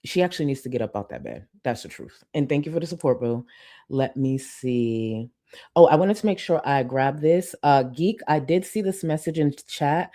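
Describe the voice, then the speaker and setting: A woman's voice: a bass voice, lively intonation, moderate pace, mellow. A woman from Houston, Texas, chatting playfully as a live streamer and thanking viewers for super chats, laughing often and using slang. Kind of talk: casual livestream chat reading super chats.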